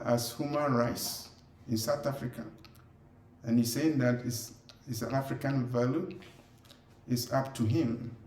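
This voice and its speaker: A man preaching a ministry message, deliberate and halting, with frequent filler sounds between phrases. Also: mid-range voice, a little mellow, echoey room. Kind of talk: preaching commentary.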